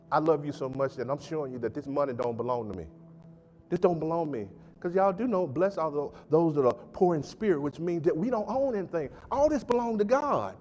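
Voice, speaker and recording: A man pastor preaching a sermon with emphatic call-and-response delivery, swinging between loud and soft. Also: on the high side. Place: church sanctuary. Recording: church hall with long reverb.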